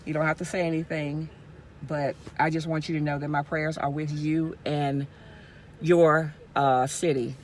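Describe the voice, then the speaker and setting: A woman's voice: low-pitched, flat delivery, unhurried, a little hiss or hum. A woman from Mississippi, talking straight to her viewers in a casual vlog, impassioned and repeating herself as she goes, speaking from her car. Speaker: YouTube vlogger.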